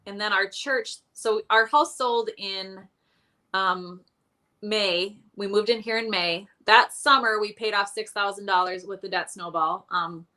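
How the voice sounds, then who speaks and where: A woman's voice: medium pitch, fairly even intonation, unhurried, sharp tone. A woman guest in casual interview chat, telling her money story candidly with a self-deprecating streak and many fillers.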